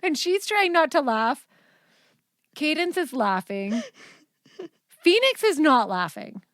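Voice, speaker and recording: A woman's voice: high-pitched, sing-song, slow, a bit bright, no echo, studio quality. A woman hosting a podcast in casual chat, telling stories and laughing often. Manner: giggly storyteller, laughs often. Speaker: podcast host.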